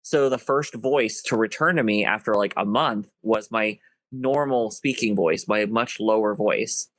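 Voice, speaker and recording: A man's voice: lowish voice, no room sound. Nasal Southern-twanged man, dry close sound. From US, Ohio and Florida. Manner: effeminate lilt, quick and candid. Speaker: podcast co-host. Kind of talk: casual chat.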